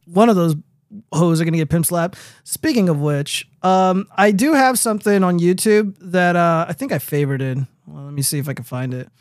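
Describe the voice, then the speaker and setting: A young man with a high, bright-sounding voice hosts a loose livestream chat, swearing constantly and wandering off into tangents. He reads viewer comments aloud and riffs on them. The sound is dry and close, with no room around it. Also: moderate pace, no echo. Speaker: stream host.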